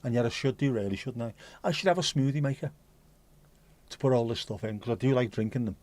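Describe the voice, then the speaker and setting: With a quick pace and a darkish mid-range voice, a man hosts a laid-back livestream from home, and the recording has no room sound. He's chatty, reading his viewers' messages out, answering them, and swearing casually.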